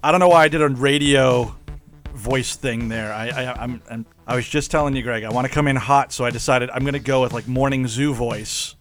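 A man's voice: medium pitch, fairly quick, a bit bright, faint music behind. A man co-hosting a podcast in casual chat, jokey and laughing often. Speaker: podcast co-host.

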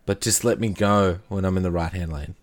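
A man's voice: deep voice, steady tone, a little fast. A young Australian man bantering on a podcast, blunt and crude, joking and swearing freely. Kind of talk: casual chat.

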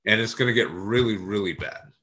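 Casting note: male author guest, lowish pitch, bright edge, hesitant and low-key. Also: brisk. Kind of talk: casual interview chat.

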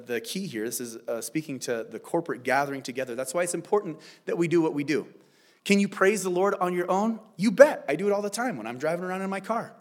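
A middle-aged man preaching a sermon as pastor, teaching in a conversational, animated style with playful asides. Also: fairly high pitch. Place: church.

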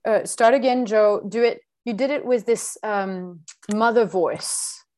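A woman's voice: medium pitch, a little slow, a little mellow. A woman coaching a live practice session, direct and insistent, repeating her instructions. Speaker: coaching trainer.

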